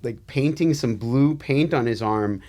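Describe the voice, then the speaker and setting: Man, legal podcast co-host, sardonic, joking asides, halting fillers. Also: medium pitch, a little mellow. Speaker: podcast co-host, trial attorney. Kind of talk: casual legal chat.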